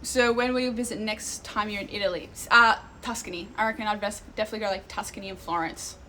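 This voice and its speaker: A young Australian woman streaming live, telling stories in a casual, animated way and swearing freely. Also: medium pitch, quick pace, a little hiss or hum.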